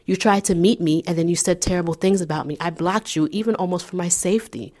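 A woman's voice: on the low side, fast, a little mellow. A woman co-hosting a podcast in casual chat, blunt and profane, ranting with fire. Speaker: podcast co-host.

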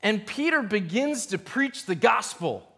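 A man preaching a sermon as a pastor, animated and playful, acting out quoted voices. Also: high voice, a little slow, gravelly, husky. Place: church.

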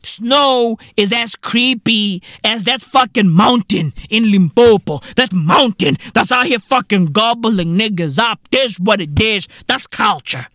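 A South African man hosting a comedic podcast, ranting with profane, mocking energy and sudden jumps up into high exclaims. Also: a little slow, hardly any pauses, pushed and bright, dry recording, clean studio sound. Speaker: podcast host.

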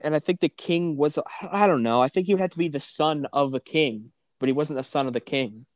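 A man's voice: fairly high pitch, fairly quick, no echo. A man hosting a podcast, chatting casually and jokingly, rambling with lots of filler words. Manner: joking, rambling with many likes. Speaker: podcast host.

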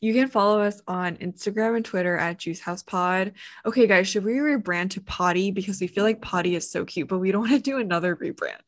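A woman's voice: mid-range voice, brisk. A woman in her twenties co-hosting a podcast in casual chat, chatty and full of "like", laughing often. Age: 20s. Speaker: podcast co-host.

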